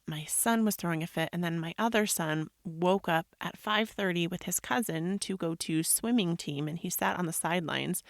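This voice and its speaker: A woman in her thirties with a lowish voice and a gravelly edge, chatting casually and openly to her listeners. Her talk rambles and is full of "like" fillers, recorded dry and close with no room sound. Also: dry recording. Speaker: yoga podcast host. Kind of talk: casual personal monologue.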